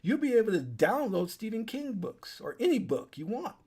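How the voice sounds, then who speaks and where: A man with a high-pitched, sing-song voice, dark in tone with a breathy edge, speaks at a moderate pace. As an online commentator, he delivers an urgent, preachy solo warning to the webcam at his desk, repeating points and restarting sentences.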